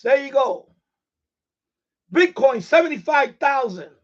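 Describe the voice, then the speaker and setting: High-voiced, boisterous man streaming live. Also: animated, unhurried, dull audio. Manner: boisterous, profane, laughs often. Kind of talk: casual live-stream chat.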